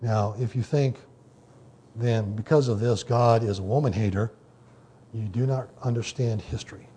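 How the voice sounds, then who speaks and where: A man preaching a sermon in a conversational teaching manner, often pausing with "okay" and "you know". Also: medium pitch, dark tone, slight background noise. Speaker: pastor.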